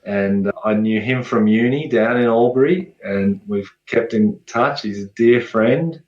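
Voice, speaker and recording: A man's voice: medium pitch, unhurried, darkish tone, roomy sound, muffled recording. A man, a guest researcher talking in a friendly, enthusiastic way in a casual interview.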